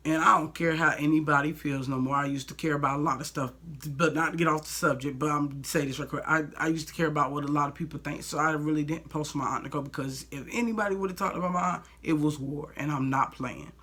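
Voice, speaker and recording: A woman's voice: low voice, fairly even intonation, fast talker, fairly bright tone. A young woman vlogger telling a personal story in a blunt, heated way, full of "like" and swearing. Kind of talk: storytime vlog.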